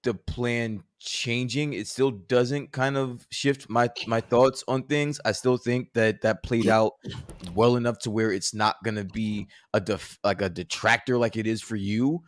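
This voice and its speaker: A man's voice: medium pitch, fairly even intonation, measured pace, dry recording, clean studio sound. A man co-hosting a podcast in casual debate, profane and often repeating and restarting his words. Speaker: podcast co-host.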